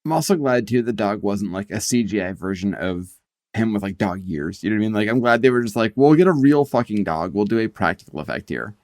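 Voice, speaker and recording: Low-voiced, laid-back man chatting. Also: lively intonation, fast talker, no echo, clean studio sound. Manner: laid-back, swears casually. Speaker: podcast co-host. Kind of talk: casual chat.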